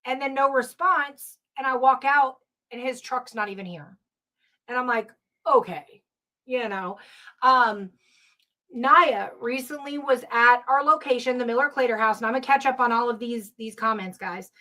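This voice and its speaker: A woman's voice: a little high, normal speed, pushed and bright. A woman hosting a live paranormal podcast, telling ghost stories in a rambling, casual way with lots of ums and uhs and reading viewer comments aloud. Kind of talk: casual live-show storytelling.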